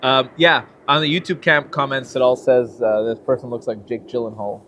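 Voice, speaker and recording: Animated man telling stories in an interview. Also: medium pitch, normal speed, slight background noise. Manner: animated storyteller, acts out quotes with laughs. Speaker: guest, filmmaker and actor. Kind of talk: casual storytelling interview.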